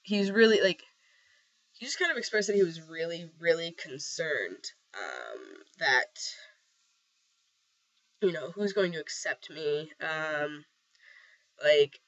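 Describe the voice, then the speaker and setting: A young man with a voice roughened by a cold, rambling casually with lots of fillers in a personal video diary. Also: on the high side, sing-song, takes it slowly, long pauses, fairly bright tone. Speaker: vlogger. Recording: slightly dull lo-fi sound.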